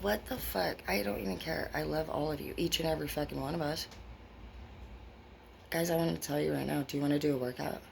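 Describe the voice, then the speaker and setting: A woman's voice: low-pitched, creaky, slight background noise. A woman with grown children giving a casual tarot reading to her viewers, rambling, blunt and full of swearing. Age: adult with children. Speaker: tarot reader.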